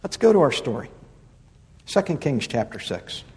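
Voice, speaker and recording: A man preaching a sermon who reads scripture, then explains it with humor, stressing points by repeating phrases and swinging from loud to soft. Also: medium pitch, big pitch swings, normal speed, in a large hall. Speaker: pastor.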